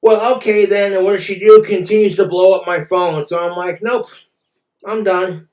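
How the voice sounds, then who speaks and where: A man's voice: high voice, steady tone, moderate pace, darkish tone. Man, ranting vlogger, aggrieved, swears a lot, raised voice, roomy echo. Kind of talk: ranting vlog monologue.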